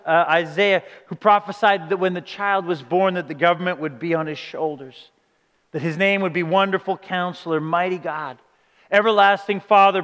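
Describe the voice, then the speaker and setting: High-voiced man preaching in a hall. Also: fairly bright tone. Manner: conversational preaching with dramatized quotes. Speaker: pastor. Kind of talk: sermon.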